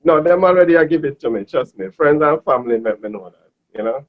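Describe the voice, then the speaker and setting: A man in his forties, a guest in a casual interview, talking in a relaxed, soft-spoken way that often trails off. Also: a little high, fast talker. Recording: dull lo-fi audio.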